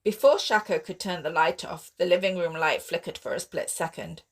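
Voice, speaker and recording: A woman author reading her own sci-fi horror novel aloud in steady, expressive audiobook narration. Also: fairly low pitch, moderate pace.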